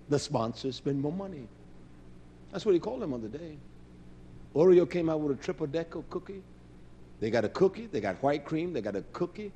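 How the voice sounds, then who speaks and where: A male preacher giving a sermon, impassioned, swinging between loud declaiming and low muttering. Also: a little hiss or hum.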